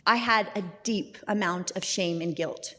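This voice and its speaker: A woman's voice: mid-range voice, unhurried, sharp tone. Candid woman telling her story in a hall. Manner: candid, self-deprecating, laughs often, restarts words. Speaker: guest sharing her recovery story. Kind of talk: personal testimony in a recovery talk. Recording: long reverb in a hall.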